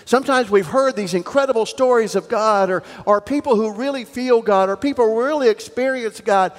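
A middle-aged man preaching a sermon as a pastor, telling stories in an animated way and acting out the voices in them. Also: very high voice, brisk. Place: church sanctuary. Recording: long reverb of a church hall.

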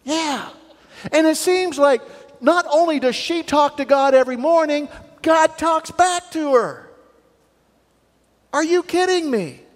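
A middle-aged man preaching a sermon as a pastor, telling stories in an animated way and acting out the voices in them. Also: very high voice, measured pace. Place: church sanctuary. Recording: long reverb of a church hall.

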